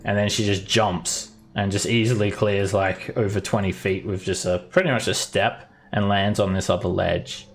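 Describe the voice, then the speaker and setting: A man running a tabletop game as dungeon master, narrating in a relaxed way with many fillers. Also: on the low side, normal speed, hardly any pauses.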